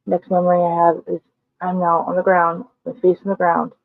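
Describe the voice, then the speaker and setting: A woman's voice: fairly low pitch, completely flat delivery, brisk, vocal fry, no echo. A woman vlogger telling a story in a blunt, emphatic way, with frequent cursing. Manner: blunt, profane, emphatic retelling. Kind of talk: casual storytelling. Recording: tinny phone-like sound, dry.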